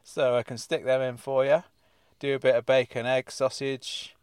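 A man's voice: mid-range voice, little pitch movement, moderate pace, a little mellow, clean tone, no room sound, clean studio sound. A man hosting a casual comedy podcast, rambling and hesitant with many restarts. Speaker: podcast host.

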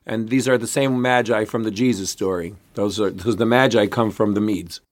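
A man's voice: lowish voice, moderate pace. A man co-hosting a casual history podcast, telling the story in a rambling way with many restarts. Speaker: podcast co-host.

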